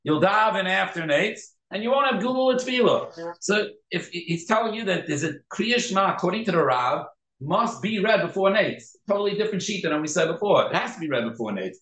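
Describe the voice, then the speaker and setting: A man's voice: sits high, animated, brisk, a bit bright. A man giving a Talmud class, explaining texts and mixing in Hebrew terms. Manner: explanatory, switching between English and Hebrew terms. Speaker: Torah teacher. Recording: echoey room.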